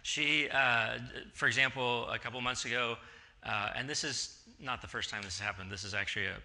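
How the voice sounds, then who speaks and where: A man in his forties preaches from the front of a church in an easy, chatty way. His tone is very bright and forceful, and he slips into the voices of people in his stories. His pitch sits in the middle range for a man. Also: fairly quick. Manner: chatty storytelling, acting out dialogue. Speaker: pastor. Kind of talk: casual conversational sermon. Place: church sanctuary.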